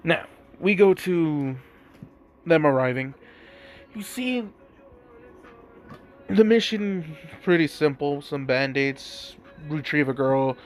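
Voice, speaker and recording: Slow, rambling male storyteller. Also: fairly high pitch, soft background music. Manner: rambling, filler-heavy, amused. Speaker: fan-fiction storyteller. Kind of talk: casual spoken storytelling.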